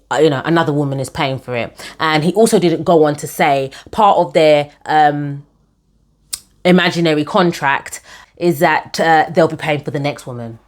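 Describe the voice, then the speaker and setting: A young woman telling her own story to camera in a chatty, animated way, often calling her viewers guys. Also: deep voice.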